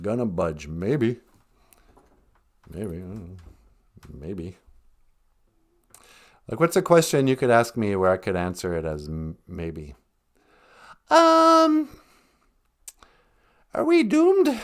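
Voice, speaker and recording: A man hosting a comedy podcast, joking darkly in a deadpan, drawling way. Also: low-pitched, slow, pauses often. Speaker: podcast host.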